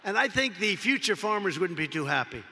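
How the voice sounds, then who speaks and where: Rambling politician booming in a big hall. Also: male voice, big pitch swings, brisk, bright, forceful tone. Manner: rambling, repetitive, heavy on superlatives. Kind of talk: rally speech. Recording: long reverb of a large hall.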